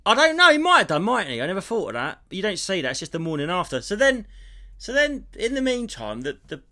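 A man on a podcast, retelling a film in a sweary, animated, rambling way. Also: high voice, fast talker. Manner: animated, sweary storytelling with restarts. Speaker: podcast co-host. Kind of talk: casual comedic chat.

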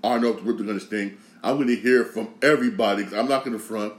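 A man from Connecticut hosting a podcast, ranting casually with slang and a lot of repetition, swinging from loud outrage to low grumbling. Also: steady tone, fast, reverberant. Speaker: podcast host. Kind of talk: casual sports rant.

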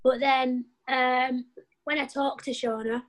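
Young woman, rugby player, interview guest, shy, hesitant, soft-spoken, slightly high voice. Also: flat delivery, slow pace, poor audio. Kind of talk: interview conversation.

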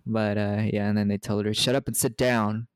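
A man's voice: lowish voice, little pitch movement, fairly quick, clear, resonant tone, dry recording. A man from the United States co-hosting a casual movie podcast, rambling through the plot with jokes and frequent laughs. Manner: rambling, joking, laughs often. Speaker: podcast co-host. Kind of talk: casual movie recap chat.

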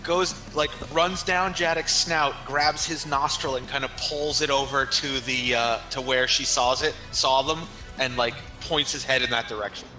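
A man's voice: medium pitch, steady tone, normal speed, few pauses, pushed and bright, faint music behind, rough recording. A man playing a tabletop game, rambling through his character's actions with many fillers. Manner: rambling, filler-heavy narration. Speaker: player.

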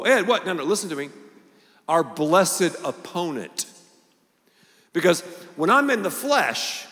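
High-voiced animated pastor in a big hall. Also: male voice. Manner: animated, acts out voices and quotes, punchy repetition. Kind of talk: sermon. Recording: long reverb of a large hall.

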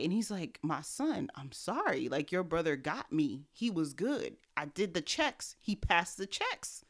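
A woman on a casual podcast retells a Bible story, slipping into the characters' lines with slangy, animated delivery. Her voice sits a little low for a woman. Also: measured pace. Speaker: podcast co-host.

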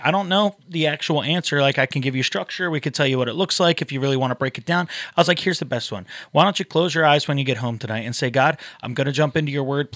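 A man who leads a youth group, talking casually about faith on a podcast, animated and quick to laugh. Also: medium pitch, no echo. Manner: animated, laughs often, acts out quotes. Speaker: youth pastor.

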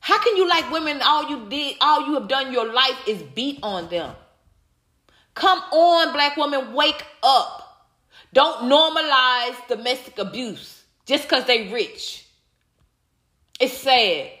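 A high-pitched, bright woman delivers a heated casual rant, blunt and repetitive, now and then swearing. She reads out viewer comments live, and her voice bounces around a roomy, echoey space. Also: lively intonation, slow pace.

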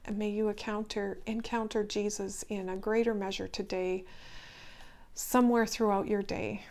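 Woman, devotional scripture reading, calm, measured, gentle, mid-range voice. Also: mid-range voice. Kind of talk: scripture reading with closing blessing.

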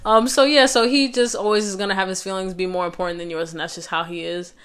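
A woman's voice: medium pitch, fairly even intonation, quick pace, a bit bright, smooth. A young woman vlogger telling a personal story in a casual, conversational way, with lots of fillers and restarts.

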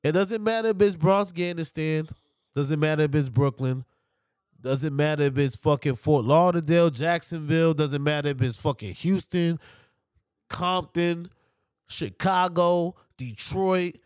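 A man from New telling a story casually, animated and profane, mimicking other people's voices. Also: fairly high pitch, measured pace, clear, resonant tone, no echo, clean studio sound. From New York. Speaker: podcast guest.

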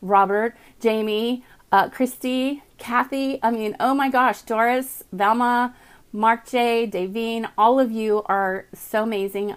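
A woman hosting a live inspirational talk stream, chatty and enthusiastic, often calling her viewers "guys" and reading uplifting passages aloud. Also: on the high side. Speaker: host.

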